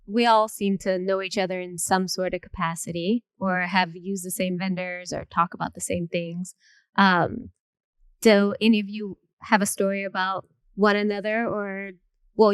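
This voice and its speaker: A woman moderating a panel who tells stories in a chatty, lively way with many fillers. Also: medium pitch, clean tone, no room sound. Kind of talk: panel storytelling.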